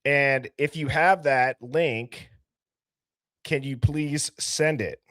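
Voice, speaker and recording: A man's voice: medium pitch, steady tone, slow, no echo, studio quality. Upbeat man hosting a live stream. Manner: reads out viewer names and chat, bursts of laughter and loud greetings. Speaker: livestream host. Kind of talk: casual live-stream chat.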